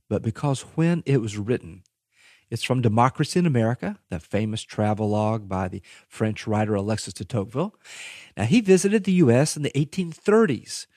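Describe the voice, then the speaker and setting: A man co-hosting a history talk show, animated and chatty, reading out a passage. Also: mid-range voice, no room sound, studio quality. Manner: animated, reads quotes aloud. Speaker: history podcast co-host. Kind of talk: conversational history discussion.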